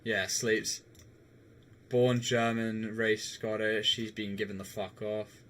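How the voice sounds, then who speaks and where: A man's voice: on the low side, little pitch movement, slow, a bit bright, slight background noise. A young man chatting casually with viewers on a live game stream, laughing often and swearing now and then.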